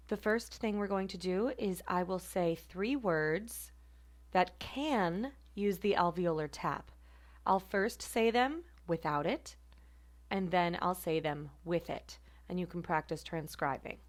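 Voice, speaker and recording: Slow, careful woman teaching phonetics. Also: lowish voice. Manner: careful, deliberate word repetition. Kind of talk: slow online pronunciation lesson.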